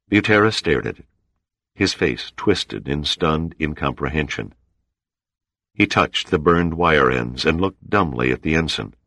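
Very deep-voiced male audiobook narrator. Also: fairly bright tone, no room sound, clean studio sound. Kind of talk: scripted narration.

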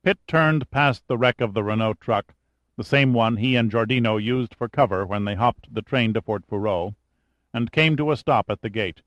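A man narrating an adventure audiobook in a steady, even reading voice at a middle pitch. The recording is close and very dry, with no room echo at all. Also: normal speed, highs cut off.

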